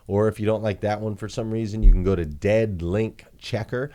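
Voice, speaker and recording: A man coaching car dealers in an energetic, emphatic training talk, repeating his points for punch. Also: fairly low pitch, moderate pace. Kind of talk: motivational business training talk.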